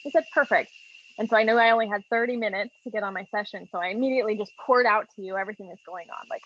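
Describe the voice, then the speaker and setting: A woman telling a personal story in an interview, earnest and open, stumbling and restarting often, and lively when she quotes her past thoughts. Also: mid-range voice, racing, no room sound. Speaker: coaching client giving a testimonial. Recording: dull, lo-fi sound.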